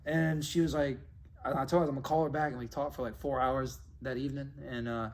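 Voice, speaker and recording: A man tells his story in a relaxed, conversational interview. He is animated and acts out the other people's voices as he goes, with a faint hiss of background noise under his voice. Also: medium pitch, quick pace. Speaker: MMA coach and fighter.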